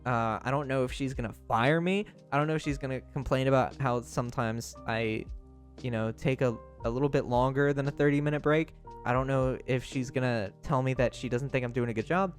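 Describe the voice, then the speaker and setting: Young male streamer, casual rambling story, medium pitch, filler words, faint music behind. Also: brisk. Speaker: livestreamer. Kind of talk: casual chat.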